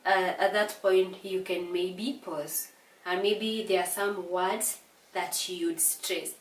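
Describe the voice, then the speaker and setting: A woman with a Kenyan English accent teaching an exam revision lesson, explaining slowly and deliberately, with hesitations and repeated words. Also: mid-range voice, steady tone, distant mic. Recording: echoey room, voice away from mic.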